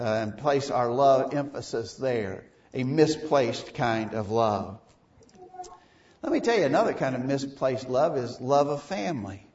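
Emphatic preacher, echoing from a distance. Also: male voice, a little high. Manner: emphatic, with rhetorical questions. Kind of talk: sermon. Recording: echoey, distant, dull.

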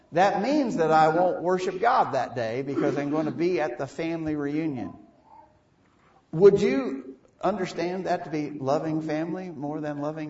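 Emphatic preacher, echoing from a distance. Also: male voice, a little high, darkish tone. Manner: emphatic, with rhetorical questions. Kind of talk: sermon. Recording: echoey, distant, dull.

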